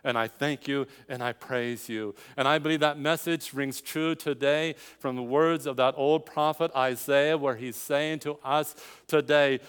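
A man's voice: mid-range voice, steady tone, a little slow, a bit bright, clean tone, big-room sound. An older man preaching a sermon, telling a personal story with quoted dialogue and building to emphatic climaxes.

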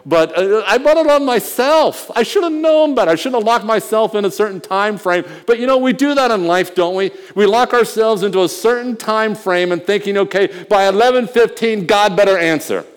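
A man preaching a sermon, telling a personal story with quiet murmurs and loud emphatic bursts. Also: high voice, normal speed, hardly any pauses, clean tone. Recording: long hall reverb.

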